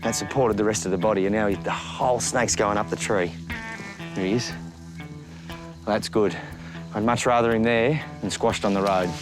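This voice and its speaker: A middle-aged Australian man presenting wildlife on location outdoors, chatty and lively, often talking straight to the animal. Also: on the low side, normal speed, pauses often, music in the background. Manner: lively, chatty, talks directly to the snake. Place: outdoors in the bush and by a road.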